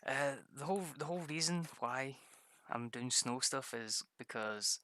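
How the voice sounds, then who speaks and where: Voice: medium pitch, animated, unhurried, sharp tone, a little hiss or hum. A streamer chatting casually while drawing maps, rambling, swearing freely, often laughing at themselves.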